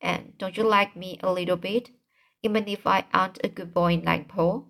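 A woman's voice: on the low side, steady tone, moderate pace, creaky, a bit bright. A woman voicing a mischievous small boy who confides and pleads in a storybook reading. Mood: sheepish.

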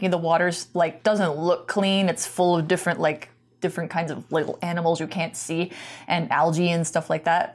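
A woman teaching English vocabulary, explaining patiently with casual fillers. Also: on the low side. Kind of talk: explaining vocabulary in a bilingual lesson.

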